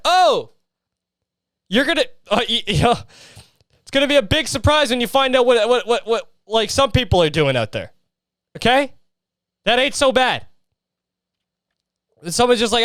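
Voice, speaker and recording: A man's voice: very high voice, expressive, unhurried, long pauses, fairly bright tone, no echo, studio quality. A man hosting a solo comedy podcast, ranting with exasperated, profane, sarcastic asides and lots of filler words. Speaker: podcast host.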